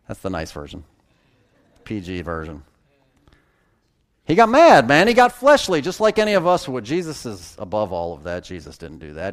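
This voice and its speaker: A man's voice: mid-range voice, wildly swooping pitch, normal speed. A man pastor preaching a conversational sermon, with sudden emphatic bursts.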